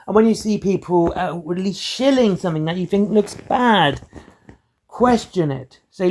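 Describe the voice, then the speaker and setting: A man hosts his own channel and talks straight to camera. His voice sits a little high for a man. He delivers it all in a self-described monotone and wanders from point to point. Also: moderate pace. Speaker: hobby channel host. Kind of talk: rambling solo commentary.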